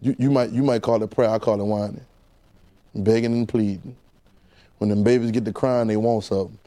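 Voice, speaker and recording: A man preaching a sermon, firing rhetorical questions at the congregation and swinging between loud exclamations and quiet asides. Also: fairly low pitch, fairly even intonation, fairly quick.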